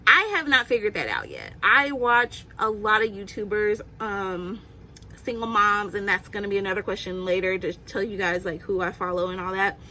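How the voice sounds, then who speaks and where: A woman's voice: medium pitch, very animated, normal speed, pushed and bright, a little hiss or hum, poor audio. A young woman vlogging casually, answering questions in a chatty, candid way and laughing often. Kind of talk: casual Q&A vlog.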